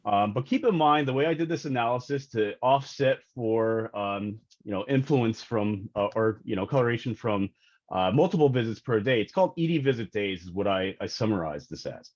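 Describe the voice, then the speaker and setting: A man's voice: fairly low pitch, lively intonation, highs cut off. Man briefing a board over a video call. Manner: explanatory, many fillers, rushing through slides. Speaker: health department data analyst. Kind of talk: presenting at a public board meeting.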